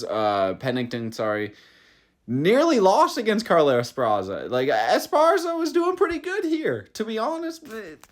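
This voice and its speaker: A young man hosting a casual fight recap, talking in a profane, excitable rant with many restarts. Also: medium pitch. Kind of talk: casual solo recap vlog.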